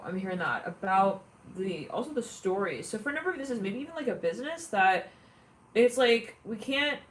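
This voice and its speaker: A woman's voice: fairly low pitch, a bit bright, a little hiss or hum. A woman giving a casual tarot reading, chatty and giggly, often acting out imagined callers. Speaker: tarot reader.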